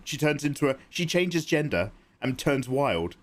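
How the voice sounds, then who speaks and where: A man's voice: mid-range voice, big pitch swings, normal speed, few pauses. A man livestreaming his digital drawing, rambling and joking as he talks to his chat. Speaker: art livestreamer.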